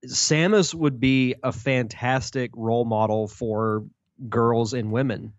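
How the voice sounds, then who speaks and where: A man co-hosting a podcast, chatting in an easygoing, measured way and reading out news stories. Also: medium pitch, steady tone, no room sound, muffled recording. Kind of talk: casual chat and news reading.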